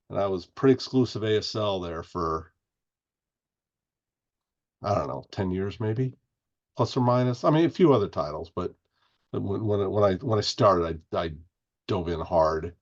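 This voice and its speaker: Man, very low voice, rambling casual chat, muffled lo-fi sound. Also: normal speed, long pauses. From Indiana, US. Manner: rambling, restarts often. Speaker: podcast guest.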